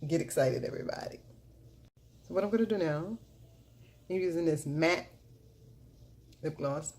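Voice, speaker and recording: Middle-aged woman vlogger, deep mellow voice, chatty and upbeat, recorded on a camera mic with faint hiss. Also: normal speed. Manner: chatty, repeats catchphrases and cheers herself on. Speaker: makeup vlogger. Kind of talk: casual makeup tutorial chat.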